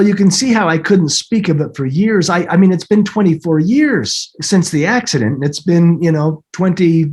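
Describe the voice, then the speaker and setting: Earnest man telling a personal story. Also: sits high. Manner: earnest, repeats words, laughs softly while telling. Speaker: podcast guest. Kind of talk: emotional storytelling interview. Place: home, snowing outside.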